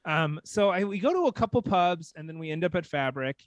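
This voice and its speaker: A man from Texas, a podcast guest, telling a funny story in a casual, animated way, full of "like" and laughing as he talks. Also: fairly high pitch, brisk, dry recording. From Texas, USA.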